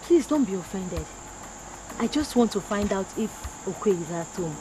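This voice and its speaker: A woman's voice: mid-range voice, expressive, normal speed, noisy background, close to an everyday voice. An actress with a Nigerian accent playing a woman who urgently pleads to warn a man. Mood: pleading. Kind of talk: film drama.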